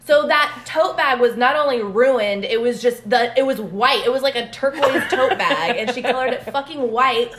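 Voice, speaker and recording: A young adult woman co-hosting a podcast, telling stories in a casual, animated way, swearing often and laughing as she talks. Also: on the high side, normal speed, hardly any pauses. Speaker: podcast co-host. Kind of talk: casual storytelling chat. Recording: echoey room with clear background noise.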